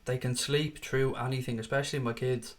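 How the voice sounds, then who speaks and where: A man's voice: medium pitch, steady tone, a little fast. A Dublin Irish man in his late thirties hosting a live football watchalong, chatting casually with viewers, swearing freely and calling them mate. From Ireland. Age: 30s. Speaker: watchalong host. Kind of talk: casual live stream chat reading comments.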